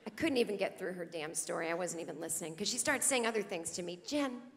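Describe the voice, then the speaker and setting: A woman's voice: lowish voice, fast, vocal fry. A woman in her forties doing a sardonic stand-up routine on a theater stage, acting out the voices she quotes. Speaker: stand-up comedian. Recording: long hall reverb from live theater.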